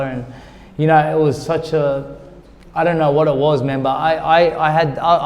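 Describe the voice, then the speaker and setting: A man of middle pitch, once a boxer, tells his story candidly and with feeling, and acts out what others said in lively quoted dialogue. His voice carries a long reverb, as if spoken in a large hall. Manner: emotional, retells conversations in quoted dialogue. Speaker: interview guest, former boxer.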